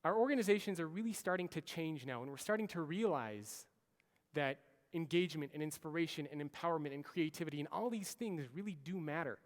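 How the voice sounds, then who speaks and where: A man's voice: on the high side, a little fast. A man in his thirties giving a storytelling keynote speech, acting out the lines he quotes. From United States. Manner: animated storyteller, acts out quoted orders. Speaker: keynote speaker. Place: large conference hall. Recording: long hall reverb.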